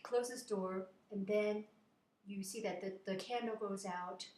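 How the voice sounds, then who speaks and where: A woman's voice: medium pitch, fairly even intonation, slow, darkish tone, slight background noise. A woman casually retelling a fairy tale to a friend in a chatty, rambling way. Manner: chatty, rambling, with fillers and restarts. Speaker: storyteller. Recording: echoey room.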